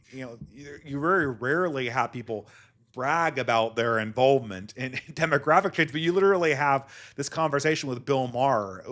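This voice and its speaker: A man's voice: mid-range voice, fairly bright tone. A man hosting a solo podcast, giving sardonic, polemical commentary. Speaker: podcast host.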